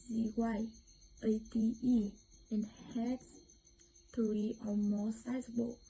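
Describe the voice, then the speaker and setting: Slow, dark-voiced young woman with a Vietnamese accent. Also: a little high, creaky, slight background noise, rough recording. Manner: careful, halting reading with restarts. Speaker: student presenter. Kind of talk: reading a class presentation.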